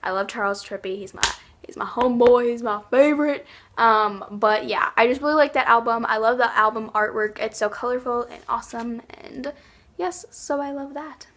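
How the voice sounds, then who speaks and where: A woman's voice: on the high side, moderate pace, a bit bright, slight background noise. Bubbly, gushing young woman. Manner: gushing, bubbly, lots of likes and ums. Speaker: YouTube vlogger. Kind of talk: casual favorites vlog.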